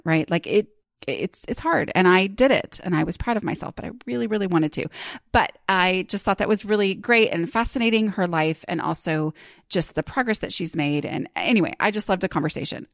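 A woman's voice: on the low side, animated, moderate pace, gravelly, dry recording, studio quality. A woman hosting a podcast, chatty and self-deprecating, with rambling asides. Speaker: podcast host. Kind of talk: casual podcast chat.

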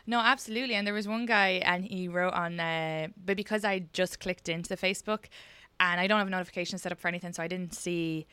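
A woman with an Irish Kildare accent hosting a podcast, telling quick anecdotes, swearing freely and laughing often. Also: on the low side, sharp tone, clean tone, dry recording. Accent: Irish, Kildare-Midlands. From Ireland. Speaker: podcast host and comedian. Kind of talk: casual chat.

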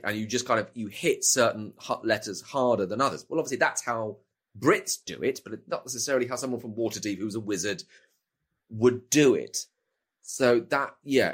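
Rambling middle-aged British man. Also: fairly low pitch. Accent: British English. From Britain. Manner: rambling, self-interrupting with repeated words. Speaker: actor guest. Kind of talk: casual interview chat.

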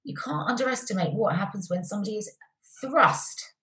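A middle-aged woman, a TV presenter as interview guest, telling stories warmly and effusively with many restarts. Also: mid-range voice, animated, brisk. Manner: warm, effusive storytelling with restarts. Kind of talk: conversational interview. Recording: roomy echoey sound.

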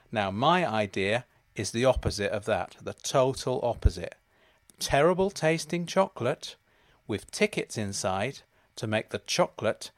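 A man, hosting a podcast and delivering a deadpan comic monologue about absurd schemes. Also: medium pitch, dry recording. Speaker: podcast host.

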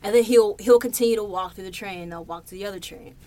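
A woman's voice: medium pitch, fast, mellow. A young woman hosting her own podcast in a studio, telling stories in a chatty, loose way and swearing freely. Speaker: podcast host. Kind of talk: casual monologue. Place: recording studio.

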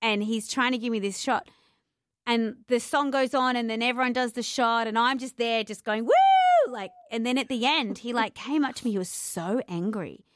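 A woman in casual podcast chat, telling lively stories and acting out what people said. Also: a little high, normal speed, no echo, clean studio sound. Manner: lively storyteller who acts out quotes and laughs.

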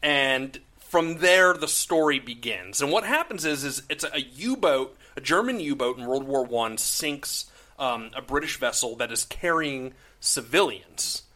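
A man casually recapping a film on a podcast, excited, swearing and acting out characters' lines. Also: mid-range voice, measured pace. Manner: enthusiastic, swearing, acts out quotes. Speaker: podcast co-host. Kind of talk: casual movie discussion.

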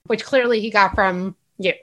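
A woman's voice: mid-range voice, fairly even intonation, moderate pace, sharp tone. Breezy joking woman host. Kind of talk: casual chat.

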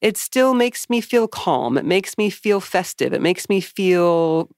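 A woman's voice: fairly low pitch, animated, measured pace, darkish tone, no room sound, studio quality. A woman co-hosting a podcast, telling candid stories in a chatty style and swearing freely. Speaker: podcast co-host. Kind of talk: casual chat.

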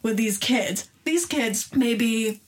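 A woman's voice: on the high side, takes it slowly. Chatty young woman, lots of "like". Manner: chatty, heavy use of "like", laughs often. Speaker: guest. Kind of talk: casual chat. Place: small studio.

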